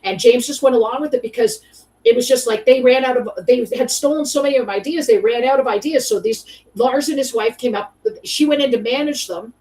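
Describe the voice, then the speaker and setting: Woman podcast host ranting and swearing, rambly, kinda high voice, bit far from mic. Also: brisk, dark tone. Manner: ranting, profane, rambling with fillers. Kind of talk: casual chat.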